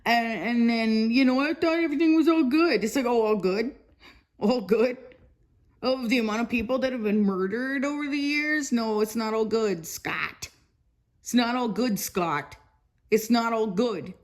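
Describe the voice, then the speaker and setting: A woman in her fifties telling a long rambling story for her vlog, repeating herself, laughing often and swearing bluntly. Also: mid-range voice. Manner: rambling, repetitive, laughs often between phrases; blunt and profane. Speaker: vlogger.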